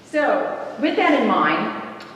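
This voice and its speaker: A woman in her fifties from the American South, giving a measured, deliberate talk as a panel speaker in a church, pausing for emphasis. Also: on the high side, big pitch swings, fairly bright tone, a little hiss or hum. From American South, North Carolina. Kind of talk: prepared talk at a church program. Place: large church hall. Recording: dull echoey hall recording from far off.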